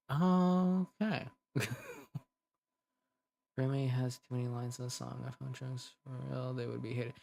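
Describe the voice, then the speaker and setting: A man's voice: mid-range voice, steady tone, normal speed, gravelly, long pauses. Young guy ASMR creator just chatting, rambly, laughs a lot, starts over mid-sentence. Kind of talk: casual livestream chat.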